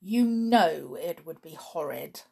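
A woman's voice: low-pitched, expressive, takes it slowly, vocal fry, a little mellow, husky, heavily acted. Woman doing sulky, scornful tomboy girl. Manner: scornful and emphatic. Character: sulky, proud, hot-headed tomboy girl.

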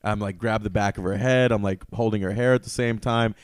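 A man's voice: on the low side, fairly even intonation, a little fast, clean tone, no echo, studio quality. A young adult man in casual podcast chat, telling stories candidly and at length with many fillers.

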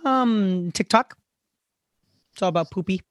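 A man's voice: high-pitched, unhurried, no room sound, studio quality. A man hosting a casual podcast chat, joking and acting out quoted lines with playful energy. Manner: playful, jokey, acts out quotes loudly.

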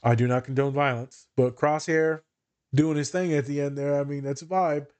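A man's voice: fairly high pitch, moderate pace, clear, resonant tone. A man hosting a casual podcast discussion, a social worker telling candid, profane stories. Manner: candid, profane, animated storytelling.

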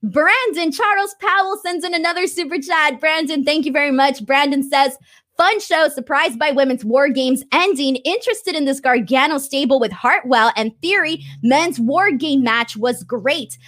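A woman's voice: sits high, normal speed, a bit bright. A young woman hosting a livestream, reading viewer messages aloud and giving her opinions in a chatty way with frequent fillers. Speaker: wrestling show host reading viewer chat. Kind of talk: casual livestream chat.

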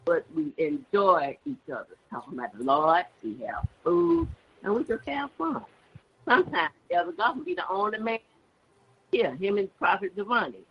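A woman's voice: lowish voice, sing-song, moderate pace. An older woman giving a personal religious testimony in an emphatic, repetitive, preachy way. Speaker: church member giving testimony. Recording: dull lo-fi sound with faint background noise.

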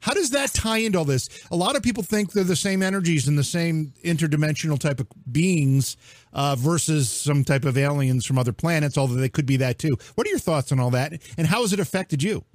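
A man's voice: a little high, lively intonation, a little fast, no echo, studio quality. A man hosting a casual interview program, chatty and easily amused. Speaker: host.

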